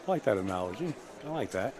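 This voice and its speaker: A man doing play-by-play commentary on a pool match from a commentary booth, relaxed and chatty. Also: fairly low pitch, quick pace, a crowd in the background. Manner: relaxed, chatty, wraps up the broadcast. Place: commentary booth at a billiards hall.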